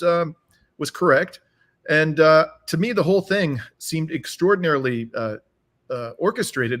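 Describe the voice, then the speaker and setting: A man's voice: mid-range voice, fairly bright tone. A man speaking as a guest commentator over a video call, emphatic and given to repeating phrases for force. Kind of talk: remote interview. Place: home in Canada.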